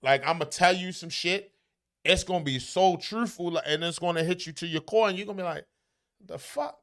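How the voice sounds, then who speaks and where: A man's voice: high-pitched, fairly quick, fairly bright tone, clean tone. A man talking casually, blunt and profane, with emphatic, brash delivery. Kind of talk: casual chat.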